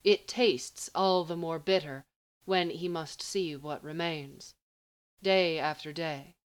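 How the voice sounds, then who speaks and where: A woman reading a story aloud in a measured, even way. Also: low voice, clean tone. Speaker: narrator.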